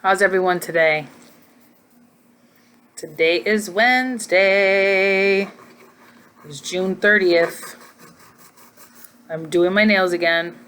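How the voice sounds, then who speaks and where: A woman's voice: medium pitch, slow, long pauses, fairly bright tone, smooth. A middle-aged woman chatting casually to her viewers from home, rambling from one tangent to the next. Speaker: vlogger. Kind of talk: casual chat to camera.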